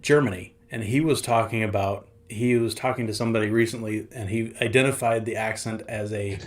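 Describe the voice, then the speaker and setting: A man's voice: fairly low pitch, fairly even intonation, brisk. A man hosting a casual podcast, rambling and laughing often as he tells stories. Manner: rambling, frequent restarts and laughter. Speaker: podcast host. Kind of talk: casual chat.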